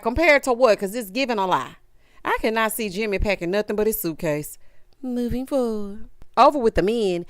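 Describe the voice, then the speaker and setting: Sassy, animated woman recapping a show. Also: medium pitch, smooth, no echo, studio quality. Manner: animated, sassy, acts out quotes. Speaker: reality show recap host.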